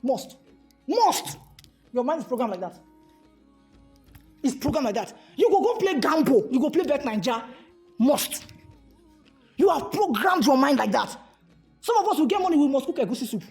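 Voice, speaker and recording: A woman's voice: high voice, big pitch swings, moderate pace, pauses often, a little mellow, soft background music. A Nigerian woman giving an emphatic motivational talk, repeating key phrases and slipping into pidgin. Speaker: motivational speaker.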